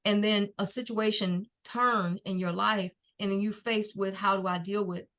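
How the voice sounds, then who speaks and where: A woman's voice: mid-range voice, steady tone, fairly bright tone. Earnest middle-aged woman telling her story. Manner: earnest, faith-filled, unhurried storytelling. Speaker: guest, nonprofit founder. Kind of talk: personal testimony in a podcast interview.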